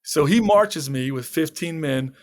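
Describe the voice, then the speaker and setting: A man's voice: on the high side, a little slow. A man telling a dramatic personal story as a podcast guest, acting out the lines of the people in it and laughing often. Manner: lively anecdote teller who acts out quoted lines, laughs often. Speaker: guest, permaculture farmer and author. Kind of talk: animated storytelling in a podcast interview.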